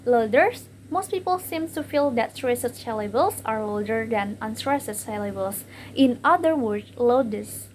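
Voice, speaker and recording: A young woman with an Indonesian accent gives a class presentation from slides. She reads haltingly, with many fillers and repeated words. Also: on the high side, slight background noise, poor audio. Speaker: student presenter.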